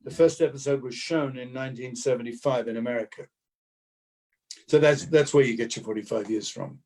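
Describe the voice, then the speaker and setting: A man's voice: medium pitch, brisk, a little mellow. A man in his seventies from Australia, an actor telling stories about his career in a casual interview and repeating words as he gathers his thoughts. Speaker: actor and guest.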